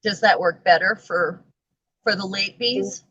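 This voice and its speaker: A woman's voice: mid-range voice, a little slow, a bit bright, no echo. A woman co-hosting a casual livestream, chatting supportively with the host. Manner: supportive, friendly. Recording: dull lo-fi sound, dry, a little husky.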